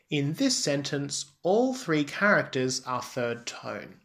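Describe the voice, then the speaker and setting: A woman teaching a spoken Chinese lesson, enunciating slowly and deliberately with exaggerated tones. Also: deep voice, sing-song, fairly bright tone. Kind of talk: slow scripted language lesson.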